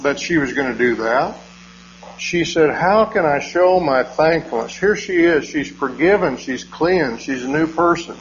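A man preaching a sermon, retelling a scripture story earnestly with frequent pauses. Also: on the high side. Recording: dull lo-fi recording with mains hum.

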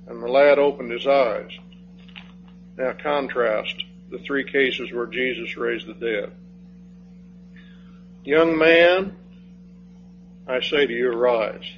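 A man preaching an expository sermon, slow and emphatic, rising on key phrases and dropping low when he reads scripture. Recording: dull lo-fi sound with faint hum.

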